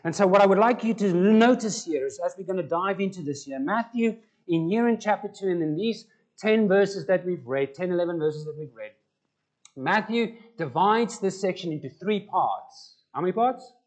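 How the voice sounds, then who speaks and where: A man's voice: high voice, lively intonation, moderate pace, a little mellow. A man preaching a conversational sermon and putting questions to the congregation. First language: Afrikaans. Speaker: pastor.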